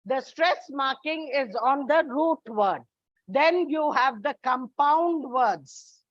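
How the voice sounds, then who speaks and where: Female English teacher, high voice, slow and deliberate delivery, dull lo-fi recording. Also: expressive, dry recording. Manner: slow, deliberate, addresses students as children. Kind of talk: classroom lesson.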